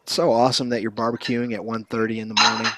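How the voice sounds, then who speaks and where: A man's voice: fairly low pitch, level tone, quick pace, pushed and bright, a little hiss or hum. Friendly man chiming in casually. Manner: friendly, agreeable, chimes in. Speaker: guest on the stream. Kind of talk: casual chat.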